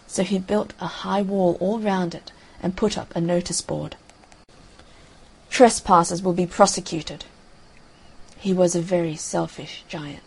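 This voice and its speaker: A woman narrating a fairy tale audiobook in a calm, measured storytelling manner. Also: on the low side, vocal fry, breathy edge, low-quality recording.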